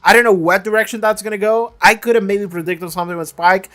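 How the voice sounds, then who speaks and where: A man's voice: sits high, steady tone, fast, bright, forceful tone. A man casually reviewing a TV episode he just watched, rambling with many restarts and swearing freely. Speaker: reaction channel host.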